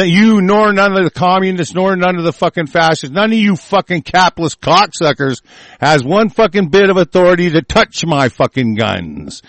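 A man's voice: high voice, a bit bright, no echo. A man delivering an angry, profanity-laden monologue, swearing constantly and often breaking off and restarting mid-sentence.

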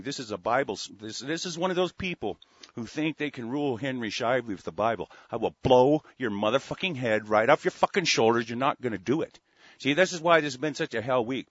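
A man's voice: medium pitch, fairly bright tone, no echo. Furious profane male radio host. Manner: furious, profane, rambling with many restarts. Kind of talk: angry call-in radio rant. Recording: dry, dull lo-fi studio sound.

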